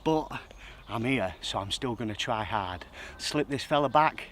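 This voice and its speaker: Carp angler vlogging lakeside, winded and chuffed, medium voice, light background noise. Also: male voice, mid-range voice, lively intonation, a little slow, fairly bright tone. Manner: breathless, elated, chatty. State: out of breath. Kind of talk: excited fishing vlog. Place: outdoors by a lake.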